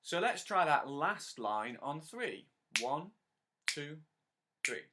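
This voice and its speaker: This man's voice is on the high side and very animated, with background noise behind it. He teaches harmonica step by step, counting in and slowly singing lines, patiently encouraging and praising his learner.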